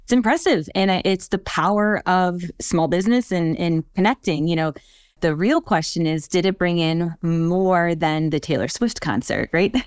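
A woman's voice: on the low side, normal speed, smooth, no echo, studio quality. A woman hosting a podcast, enthusiastic and asking long, winding questions of her guest. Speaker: podcast host. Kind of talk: interview conversation.

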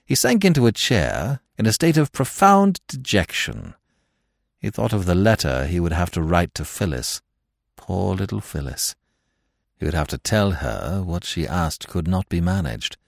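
Gravelly, expressive male storyteller. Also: deep voice, measured pace, no room sound, clean studio sound. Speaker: narrator. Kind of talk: scripted audiobook narration.

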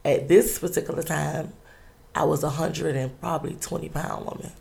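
A woman telling a personal story in an interview, halting and earnest, with many pauses and restarts. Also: deep voice, steady tone, vocal fry, darkish tone, a little hiss or hum.

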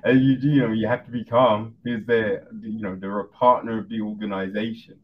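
A man's voice: fairly low pitch, flat delivery, a little fast. A man hosting a podcast, chatting casually and loosely, his thoughts trailing along with fillers. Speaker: podcast host. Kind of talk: casual chat. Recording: dull lo-fi audio with faint noise.

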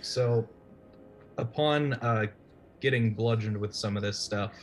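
A man's voice: fairly low pitch, takes it slowly. A man playing in a tabletop game, describing his character's actions with many fillers. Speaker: player. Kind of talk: casual tabletop play.

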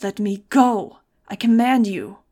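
A woman's voice: mid-range voice, unhurried, mellow, natural voice. A woman voicing an arrogant male scientist who commands and protests indignantly. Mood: shouting.

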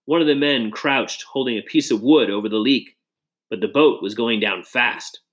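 A man reading a children's adventure story aloud in an expressive, dramatic way. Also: mid-range voice, normal speed. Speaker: audiobook reader. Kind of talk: storybook narration.

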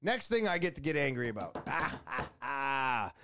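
A man's voice: medium pitch, sing-song, measured pace, bright, forceful tone, slight background noise. A man hosting a podcast, talking in a rambling, blunt way with swearing and lots of fillers. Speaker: podcast host. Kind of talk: casual podcast rant.

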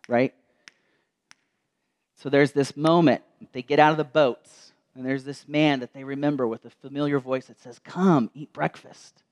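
A man preaching a sermon in a church, telling a story and dropping to slow, soft tones for quoted words. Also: mid-range voice.

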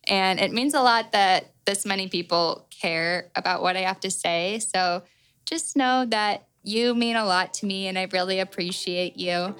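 Smooth-voiced young woman podcast host. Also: medium pitch, a little slow, fairly bright tone, low-quality recording. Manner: chatty and encouraging, heavy use of "like". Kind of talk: casual solo podcast advice. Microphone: own microphone.

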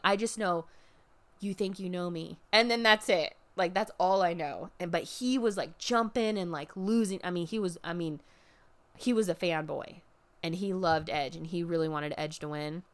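Chatty woman with a smooth, lowish voice. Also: a bit bright. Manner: chatty, profane, filler-heavy, acts out quotes. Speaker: podcast host recapping a wrestling event. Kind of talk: casual storytelling recap.

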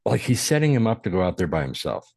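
A man with a very low, husky voice co-hosting a movie podcast. He works through his theories out loud in a relaxed, casual way, and the sound is dry and close to the mic. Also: fast talker, dry recording. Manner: thinks aloud, recounts his guesses with profanity. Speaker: podcast co-host.

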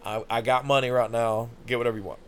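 A man's voice: mid-range voice, fast, a little hiss or hum. Young man telling a rowdy story. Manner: animated, laughing, profane anecdote-telling. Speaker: podcast host. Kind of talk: casual storytelling chat.

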